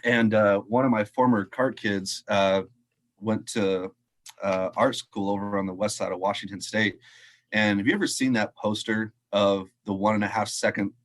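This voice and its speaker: On a video call for a podcast, a head golf professional with a fairly low voice tells a story in a relaxed, chatty interview style at a normal pace. He acts out the quotes with lively energy and laughs often.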